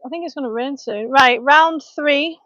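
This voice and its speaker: A woman's voice: high voice, normal speed, fairly bright tone, lo-fi sound, slight background noise. A woman in her thirties with a Lancashire accent, a fitness coach chatting frankly and laughing often as she works out at home on a live stream. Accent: Lancashire English. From North West England. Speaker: fitness coach and personal trainer. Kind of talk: live-stream chat while working out. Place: home, indoors. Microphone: small clip-on mic.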